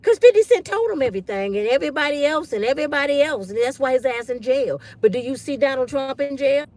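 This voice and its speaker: A woman's voice: high voice, lively intonation, fast talker, darkish tone. A woman ranting bluntly and profanely in a casual livestream on her phone. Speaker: online commentator.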